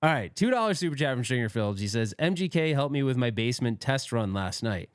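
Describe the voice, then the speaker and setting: A man's voice: mid-range voice, very animated, fast talker, smooth, no room sound, clean studio sound. A man hosting a casual livestream, chatting and reading out viewer comments in a rambling, self-deprecating way, often laughing. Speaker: livestream host.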